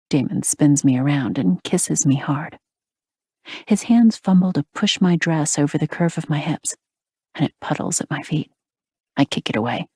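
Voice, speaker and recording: Woman narrator, romance audiobook, husky half-whispered delivery, deep voice, dead-dry close mic. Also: mellow, no echo. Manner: breathy, half-whispered intimate reading.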